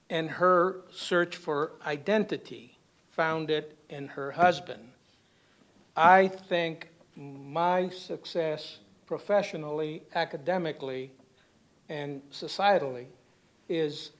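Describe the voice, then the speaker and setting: A man with a fairly high voice tells a funny personal story to a symposium audience. He keeps checking in with a quick "okay?" as he goes. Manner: humorous anecdotal delivery with frequent "okay?" tags. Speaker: panelist. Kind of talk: storytelling panel talk. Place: university symposium hall.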